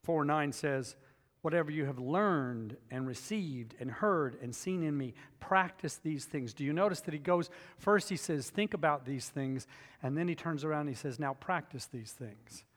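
A man's voice: a little high, moderate pace, long reverb tail. A man preaching a sermon as pastor, emphatic and repetitive, telling personal stories to make his points.

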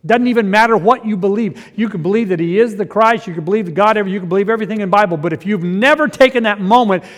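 A man preaching a sermon as pastor, swinging between loud urgent peaks and quiet intense asides. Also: sits high, quick pace. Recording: long reverb of a large hall.

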